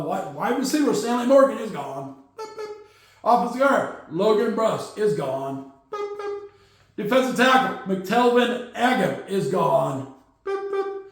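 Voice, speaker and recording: High-voiced man in a very echoey room. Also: creaky. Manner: rambling, jokey, acts out teams and players in quick put-on quotes. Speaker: podcast host. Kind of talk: casual solo sports commentary.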